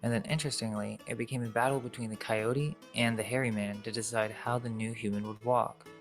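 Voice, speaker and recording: A man reading documentary narration in a steady voice, with a few small slips, heard from a video that is being played. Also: mid-range voice, a little fast, soft background music.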